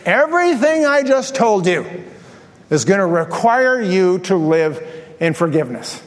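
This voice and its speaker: A man preaching a sermon as pastor, telling a story with lively, acted-out asides to his congregation. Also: sits high, measured pace. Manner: animated storytelling, acts out his own thoughts. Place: large church hall. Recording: long hall reverb.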